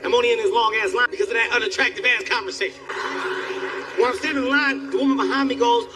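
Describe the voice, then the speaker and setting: Man, forties, stand-up comedian, high voice, loud animated storytelling, distant mic, music underneath. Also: very fast. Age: 40s.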